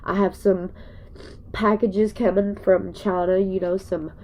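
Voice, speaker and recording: Tearful woman vlogger with gravelly voice. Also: medium pitch, little pitch movement, measured pace, mellow, a little hiss or hum. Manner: tearful, rambling, folksy. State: crying. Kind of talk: emotional personal vlog.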